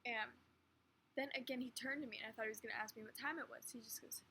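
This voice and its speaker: A young woman in her late teens telling a story in a rambling, animated way, full of filler words. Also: on the high side, fast, low-quality recording. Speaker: vlogger. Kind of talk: casual storytime chat. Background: faint fan hum.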